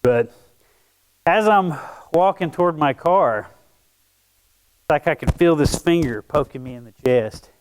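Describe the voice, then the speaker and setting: A man's voice: fairly high pitch, animated, a little slow, long pauses, smooth, poor audio. A man, preaching a sermon as a pastor and telling a personal story in a conversational, self-deprecating way.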